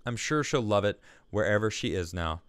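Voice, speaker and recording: A man's voice: lowish voice, animated, normal speed, a bit bright, clean tone, dry recording. A man hosting a live stream, chatting casually and reading viewer messages aloud, laughing easily and restarting his sentences. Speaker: livestream show host.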